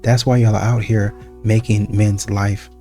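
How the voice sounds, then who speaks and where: A man's voice: lowish voice, level tone, a little slow, warm tone, soft background music. A man reacting to clips, talking bluntly and lecturing, often repeating himself as he makes his point. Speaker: reaction commentator.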